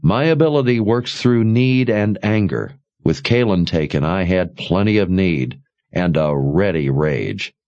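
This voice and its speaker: A man's voice: deep voice, animated, a little slow, a little mellow, lo-fi sound. A man doing a confident, cheerful young lord. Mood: assured. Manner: assured, explanatory. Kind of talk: audiobook character voice.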